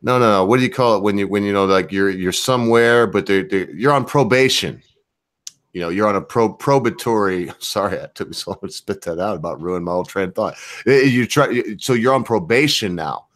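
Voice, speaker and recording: A man's voice: lowish voice, a little fast, a bit bright. Profane ranting man co-host. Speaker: podcast co-host. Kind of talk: casual chat.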